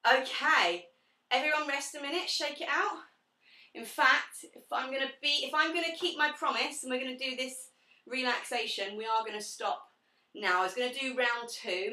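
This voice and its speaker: A young woman leads a pilates session, cueing breathing and giving friendly corrections to participants. Her voice is bright and crisp. It sounds echoey and distant, as if she is standing away from the mic. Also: high voice. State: out of breath at times. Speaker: pilates instructor. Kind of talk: live online fitness class instruction.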